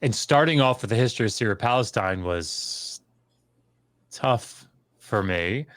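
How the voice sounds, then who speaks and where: In a relaxed conversation, a middle-aged scholar guesting on a podcast recounts a long story, full of restarts and fillers, and becomes livelier acting out others' lines. His low voice is expressive, a bit bright and a little slow. The sound is close and dry with no room sound.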